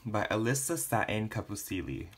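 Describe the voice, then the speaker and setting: A man reading a picture book aloud to children, gently, with playful barks and meows for the animals. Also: fairly low pitch, big pitch swings, moderate pace, background noise. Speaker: storytime reader.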